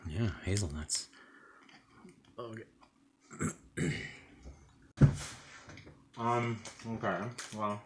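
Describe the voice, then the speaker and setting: A man with a somewhat low voice talks through a bite of food in a laid-back review vlog shot in his home kitchen. He rambles, hesitates, and leans on fillers. The audio sounds roomy, with slight hiss or hum.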